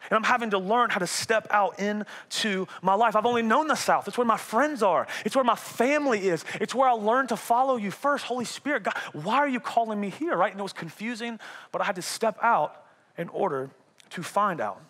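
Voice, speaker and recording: A man in his twenties with a North Carolina accent, a youth pastor preaching an energetic, conversational sermon and often asking "right?". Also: sits high, fairly quick. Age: 20s.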